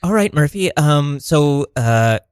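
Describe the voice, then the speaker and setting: A man's voice: a little high, expressive, slow pace, clear, resonant tone, dry recording. A man co-hosting a casual podcast in a radio studio, rambling with lots of "like" and "uh" and laughing easily. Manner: rambling, laughing, filler-heavy. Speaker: podcast co-host.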